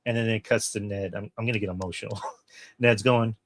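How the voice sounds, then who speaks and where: A man with a lowish voice hosts a relaxed film review chat. He walks through scenes one by one and acts out what the characters say. The sound is dry and close. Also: a little fast, no echo. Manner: retells scenes at length, acting out lines. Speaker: podcast host. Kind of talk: casual movie review chat.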